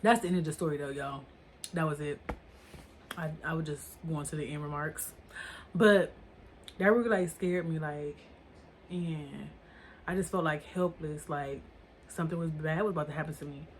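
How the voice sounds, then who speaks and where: A woman's voice: deep voice, fairly even intonation, moderate pace, pauses often, slight background noise. A woman casually telling a story to her viewers, rambling and swearing, with lots of "like" and "or whatever.". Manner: rambling, profane, heavy use of "like" and "or whatever". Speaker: storytime vlogger.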